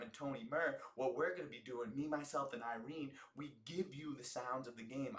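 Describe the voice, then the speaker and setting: An American man hosting a live football watch-along, talking in an excitable, profane, rambling way. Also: on the high side, echoey room. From United States. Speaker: host of an alternate sports broadcast.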